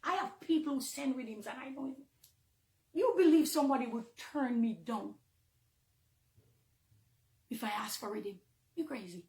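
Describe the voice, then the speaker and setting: A woman with a Jamaican accent, a minister speaking emotionally to her followers, swinging between hushed confiding and loud, heated outbursts. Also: high-pitched, normal speed, pauses often, echoey room. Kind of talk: emotional personal address to followers.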